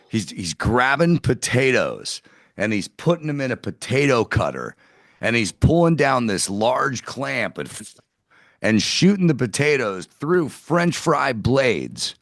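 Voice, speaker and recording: A man's voice: medium pitch, no room sound, studio quality. A man co-hosting a casual podcast, telling laid-back, joking stories. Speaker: podcast co-host. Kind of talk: casual chat.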